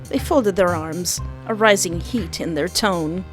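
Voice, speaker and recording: Expressive woman reading a game aloud. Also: lowish voice, a little slow, faint music behind. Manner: expressive, joking asides between read lines. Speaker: streamer.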